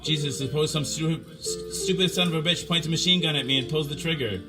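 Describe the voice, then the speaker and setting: A man doing a quiet, anxious young Marine. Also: fairly high pitch, fairly quick, music in the background, close to an everyday voice. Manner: quiet, uneasy.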